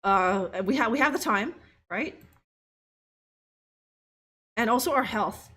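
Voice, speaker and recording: A woman's voice: on the high side, lively intonation, slow, sharp tone, slightly rough. A woman streamer chatting casually and laughing as she plays a game live and talks to her viewers. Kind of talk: live gameplay commentary.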